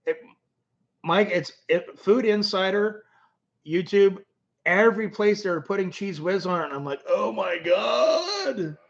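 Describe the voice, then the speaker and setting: A man from Canada hosts a loose livestream, answering viewers by name and wandering from topic to topic. His voice sits a little high, and he often repeats and restarts his words. The stream audio is dull and lo-fi. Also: normal speed. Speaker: livestream host. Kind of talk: casual livestream chat reading comments.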